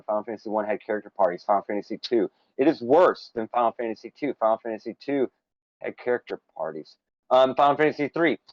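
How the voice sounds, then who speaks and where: A man's voice: mid-range voice, no echo, lo-fi sound. A man co-hosting a casual game discussion, opinionated and running through a list of points with playful asides. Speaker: podcast co-host. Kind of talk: casual conversation about games.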